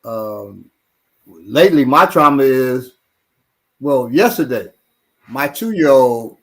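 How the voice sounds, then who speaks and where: A man's voice: mid-range voice, lively intonation, slow, pauses often, fairly bright tone. Man, podcast co-host, casual chat, rambling, stammers and swears. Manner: rambling, swears, repeats words, laughs easily. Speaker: show co-host and self-defense trainer.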